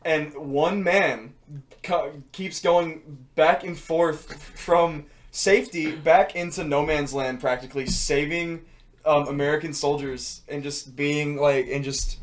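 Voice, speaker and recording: A young man with a slightly high voice co-hosts a casual podcast chat. He speaks bluntly and teases the others. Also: steady tone, takes it slowly. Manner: blunt, teasing. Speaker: podcast co-host.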